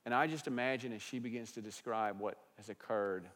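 A male pastor preaching a sermon, animated, with big swings between loud passages and quiet ones. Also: on the low side, fairly quick, long reverb tail.

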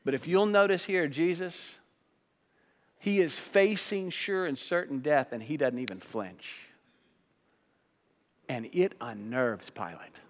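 A male pastor preaching a sermon, shifting from hushed, low passages to loud, high-pitched peaks. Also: slow pace, pauses often. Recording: long hall reverb.

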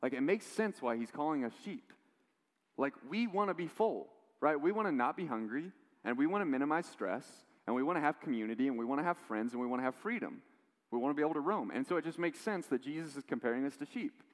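A man preaching a sermon, telling stories in a lively way with quoted voices and asides. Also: on the high side, fast. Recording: long hall reverb.

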